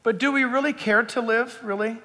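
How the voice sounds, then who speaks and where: A man preaching as a pastor, firing sarcastic rhetorical questions and building to forceful emphasis. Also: very high-pitched, steady tone, fairly quick, big-room sound. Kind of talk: sermon.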